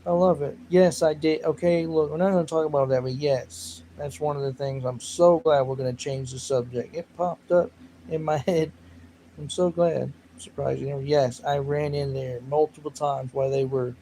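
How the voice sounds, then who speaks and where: A gravelly, slightly higher-pitched man with a drawl holds a casual livestream chat, telling rambling stories and bursting out loudly now and then. Faint noise hums under the recording. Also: normal speed, rough recording. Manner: rambling, animated storytelling with loud laughing outbursts. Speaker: livestream host.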